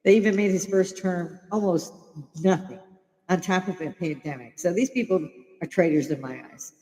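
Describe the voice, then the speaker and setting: A woman's voice: on the low side, moderate pace, dark tone, big-room sound, poor audio. An older woman from Chicago hosting a casual livestream, talking bluntly with plenty of swearing and frequent laughter. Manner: blunt and profane, laughing often. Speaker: livestream host. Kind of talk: casual opinionated livestream chat.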